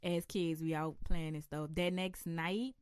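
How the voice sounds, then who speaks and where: A woman's voice: on the low side, measured pace, clean tone, no room sound, studio quality. Woman with a New Orleans accent. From New Orleans, USA. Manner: relaxed, laughs often, uses local slang. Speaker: interview guest. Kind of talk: casual conversational interview.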